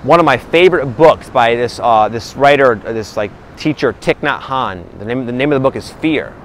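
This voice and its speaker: A man giving a casual spiritual talk to his viewers, relaxed and rambling, with many fillers and restarts. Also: mid-range voice, moderate pace, slight background noise, low-quality recording. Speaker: spiritual vlogger.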